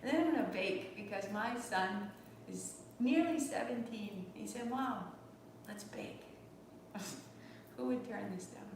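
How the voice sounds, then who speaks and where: A woman in her forties teaching a live online yoga class from home, speaking in a gentle, reflective and heartfelt way. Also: mid-range voice, a little slow, background noise. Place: home room. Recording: echoey room, distant mic.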